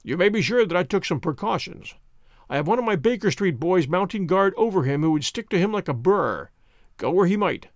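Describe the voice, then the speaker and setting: Man reading a calm, incisive detective. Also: sits high, brisk, no room sound, clean studio sound. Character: cool, incisive male detective.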